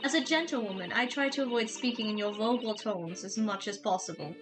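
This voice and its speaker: A woman putting on a haughty English gentlewoman. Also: mid-range voice, brisk, music in the background, lightly acted, poor audio. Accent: put-on English. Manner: lofty, condescending, formal diction. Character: haughty young English gentlewoman, proud and prim.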